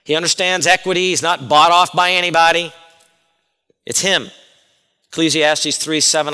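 A man's voice: a little high, steady tone, moderate pace, long pauses, pushed and bright, clear, resonant tone, big-room sound. A male pastor giving an earnest expository sermon, explaining Greek words and asking his congregation questions.

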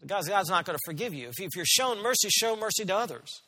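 Earnest high-voiced preacher man. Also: expressive, fast, sharp tone, in a large hall. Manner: earnest, emphatic, asks the congregation questions. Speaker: pastor. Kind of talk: sermon.

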